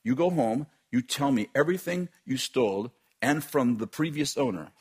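A man's voice: mid-range voice, expressive, normal speed, hardly any pauses, husky. A man who runs a business telling a long funny story in a casual way, laughing often as he talks.

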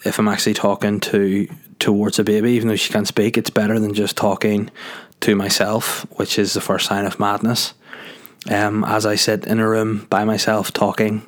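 Northern Irish male podcast host, lowish voice, loose rambling jokey monologue. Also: completely flat delivery, normal speed. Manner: rambling and jokey, with filler words.

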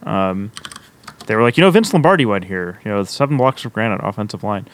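A young man co-hosting a casual chat, recapping in a playful, lively way. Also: on the low side, fairly quick, clear, resonant tone. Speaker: podcast co-host.

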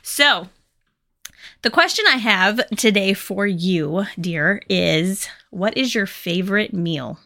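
Woman, podcast host, casual chat, bright clear voice, playful. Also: medium pitch, lively intonation, slow pace. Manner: chatty, laughs often, playful.

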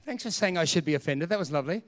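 Animated pastor preaching. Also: male voice, on the high side, very fast, no echo. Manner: animated, storytelling with acted voices. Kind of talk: sermon.

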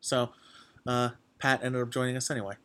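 Young male host, mid-pitched, rambling and excitable, heavy on filler words. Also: a little fast, smooth. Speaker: podcast host. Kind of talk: casual chat.

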